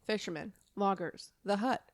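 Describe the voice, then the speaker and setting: A woman's voice: medium pitch, moderate pace, dry recording. A woman co-hosting a podcast, telling a true story in a casual, rambling way, full of fillers and laughter.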